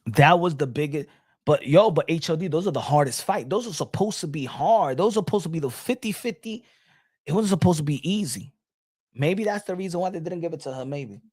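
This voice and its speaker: A man's voice: fairly high pitch, lively intonation, a little fast, darkish tone, slightly rough, no echo, clean studio sound. A man hosting a boxing channel, chatting casually and rambling, often repeating his points.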